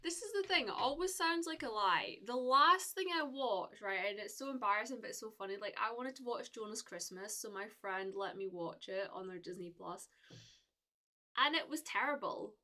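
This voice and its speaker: A woman's voice: mid-range voice, lively intonation, normal speed, sharp tone. A young woman from the UK chatting casually with viewers on a live stream, rambling with lots of fillers and restarts.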